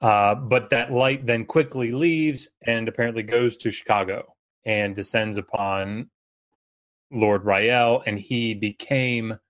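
Hesitant low-voiced man, guest expert. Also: fairly bright tone. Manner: hesitant, many fillers. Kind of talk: casual podcast chat.

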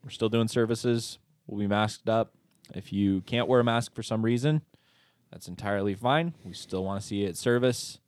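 A man's voice: lowish voice, moderate pace, a little mellow, no echo, studio quality. A man co-hosting a church podcast in casual chat, joking and sarcastic. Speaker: podcast co-host.

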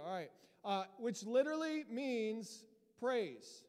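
A pastor with a fairly high male voice delivers a sermon in a church hall, where a long reverb trails after his words. His delivery is lively and emphatic, climbing to loud peaks at a normal pace.

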